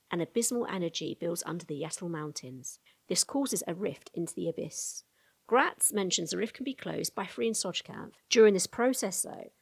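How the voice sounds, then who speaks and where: Woman, breathy-husky tone, video lore narration, casual asides to viewers, close mic. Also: medium pitch.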